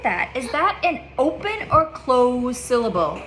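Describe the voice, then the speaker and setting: A woman's voice: a little high, sing-song, measured pace, noisy background. Patient woman teaching a child to read. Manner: patient, repeats questions and prompts with "okay?". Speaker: reading teacher. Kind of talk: one-on-one reading lesson with a child.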